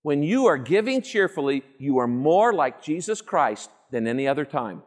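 A man preaching a sermon as pastor, emphatic and animated, with playful asides to the congregation. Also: fairly high pitch, normal speed, long reverb tail.

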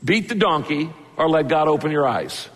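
A man's voice: fairly high pitch, normal speed. Man preaching in an echoing hall. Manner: animated storyteller acting out characters' lines. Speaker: pastor. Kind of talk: sermon. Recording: long hall reverb.

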